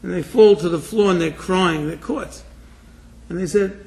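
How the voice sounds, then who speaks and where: Man, very high voice, sermon, hushed storytelling, shouted exhortation. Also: moderate pace, creaky. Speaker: rabbi.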